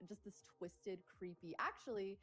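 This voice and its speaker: A woman's voice: mid-range voice, moderate pace, a bit bright, husky. A woman co-hosting a live trading stream in casual chat, laughing often and filling her talk with "like". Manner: giggly, laughs often, says "like" a lot.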